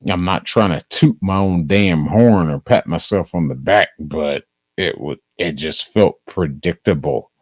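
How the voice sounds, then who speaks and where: A man's voice: low voice, a little slow, no room sound. A man streaming a casual, profane movie review, rambling and leaning on "um" and "uh". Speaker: live streamer.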